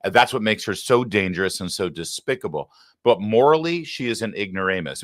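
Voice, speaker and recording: A man with a very low voice hosts a live political talk show, sarcastic and combative and quick to get heated. His voice sits close and dry on the mic, with no room sound around it. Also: very animated, no echo.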